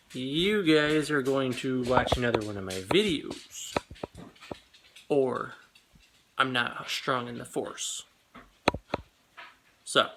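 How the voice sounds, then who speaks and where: A young man vlogs in an easygoing, unhurried way, talking straight to his viewers. The recording carries heavy background noise. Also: fairly high pitch. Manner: slow, chatty, drops to a whisper while hiding. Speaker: vlogger. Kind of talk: casual vlog chat. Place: inside a store.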